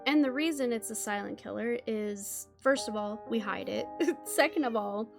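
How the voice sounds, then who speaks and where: A woman co-hosting a podcast, speaking in an animated, emphatic way in candid casual chat. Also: fairly high pitch, moderate pace, vocal fry, over music. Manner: animated and emphatic, laughs easily. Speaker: podcast co-host.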